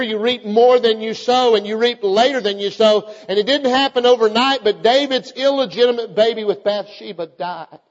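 Fervent preacher in a reverberant church. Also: male voice, sits high. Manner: fervent, repetitive, calls out to the congregation. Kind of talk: sermon. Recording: dull audio with long church reverb.

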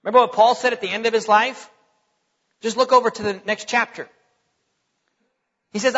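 A man preaching a sermon as pastor, emphatic, repeating phrases and slowing down dramatically for emphasis. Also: very high-pitched, a bit bright. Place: church sanctuary. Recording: dull sound with long church reverb.

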